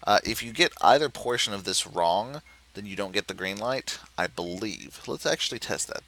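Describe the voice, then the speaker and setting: A man with a lowish, bright, forward voice guides viewers through a puzzle game in a relaxed tutorial. He thinks aloud as he goes, filling pauses with "uh" and restarting sentences to clarify. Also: slight background noise, low-quality recording. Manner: explanatory, thinking aloud with frequent "uh" and self-corrections. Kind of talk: screen-recorded game tutorial.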